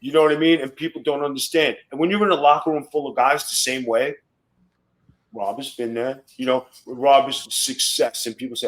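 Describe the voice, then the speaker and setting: A man's voice: medium pitch, fairly even intonation, fairly quick, low-quality recording. A middle-aged man, a former wrestler and podcast guest, telling blunt, profane tough-guy stories in casual talk. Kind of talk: casual storytelling interview.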